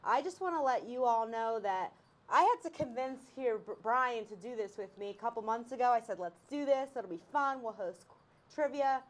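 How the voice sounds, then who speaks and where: A woman's voice: a little high, normal speed. A woman co-hosting a trivia game in a chatty, casual way with frequent fillers. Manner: chatty, laughing, with many fillers. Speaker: trivia co-host.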